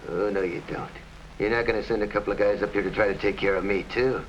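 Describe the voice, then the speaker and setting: An actor playing a ruthless, scheming hired killer in an early TV crime drama, talking tough gangster slang. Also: male voice, fairly low pitch, fairly even intonation, fast talker, lightly acted. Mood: gloating. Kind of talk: 1950s TV crime drama acting. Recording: dull old TV soundtrack with faint hiss.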